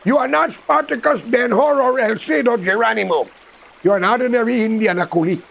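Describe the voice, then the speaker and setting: A Guyanese political commentator's voice is very high-pitched, gravelly, and fairly bright, and he talks fairly quickly. In this direct-to-camera rant he combatively scolds a leader, speaking straight at him in creole-flavored grammar.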